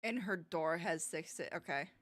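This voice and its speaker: A woman streaming live, reacting to videos in an excitable, giggly way with frequent exclamations. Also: lowish voice, measured pace, a little hiss or hum.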